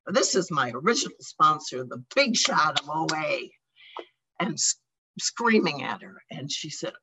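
An older American woman tells her own recovery story to a meeting, her talk halting and emotional, broken by small laughs and sighs. Her voice is bright and somewhat husky, and it rises and falls widely as she speaks. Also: low-pitched, sing-song, low-quality recording. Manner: emotional, halting, laughing and sighing between thoughts. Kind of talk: personal testimony.

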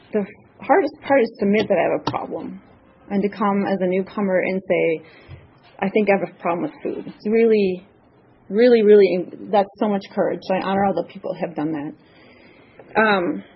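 Nervous woman sharing her recovery story. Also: medium pitch. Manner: earnest, halting, many ums and restarts. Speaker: recovery meeting speaker. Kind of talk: personal testimony share. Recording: slightly dull lo-fi audio, faint noise.

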